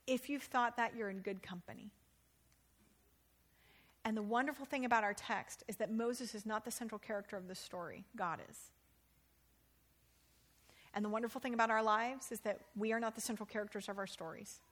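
Woman preacher, sermon, high voice, animated, humorous asides. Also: a little fast, long pauses.

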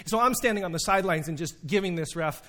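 A man preaching a sermon, telling stories with humor, emphatic pauses and sudden bursts of energy. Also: fairly high pitch, a bit bright. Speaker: preacher and teacher.

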